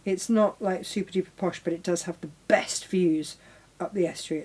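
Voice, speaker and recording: A woman's voice: on the low side, fairly even intonation, normal speed, few pauses, background noise. A middle-aged woman hosting a live sewing demonstration, chatting casually, talking to her tools and exclaiming as she goes. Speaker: crafting show host.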